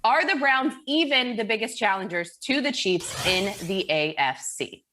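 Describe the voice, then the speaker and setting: A woman's voice: medium pitch, animated, a little slow, bright, forceful tone, slight background noise. A woman hosting a live morning sports talk show, chatty and upbeat as she leads the segment from a studio.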